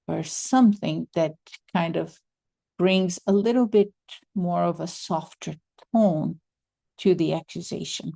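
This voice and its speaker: Woman trainer, measured lecture delivery, mellow low voice, very slow. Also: vocal fry. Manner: measured, methodical explaining. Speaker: mediation trainer.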